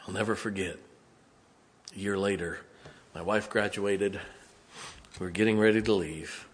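A man in his fifties, a pastor preaching a sermon, telling a personal story and dropping to a hushed, emotional tone. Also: on the low side, steady tone, normal speed.

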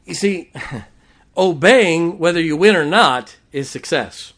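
A man preaches to his congregation. His voice sits fairly high, and he moves between casual, joking asides and emphatic, rising declarations. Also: expressive, slow pace, fairly bright tone. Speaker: pastor. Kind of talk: sermon.

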